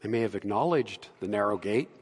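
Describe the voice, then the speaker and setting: A pastor preaching a sermon in an earnest way, building to emphatic peaks. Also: male voice, on the low side, animated, fairly quick, breathy edge. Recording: long hall reverb.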